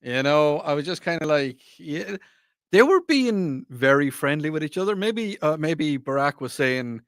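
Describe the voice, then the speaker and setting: A man's voice: a little high, expressive, measured pace, dry recording. An Irish man hosting a radio talk show, chatting in a rambling, jokey, self-mocking way into a studio microphone. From Ireland. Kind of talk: casual radio chat.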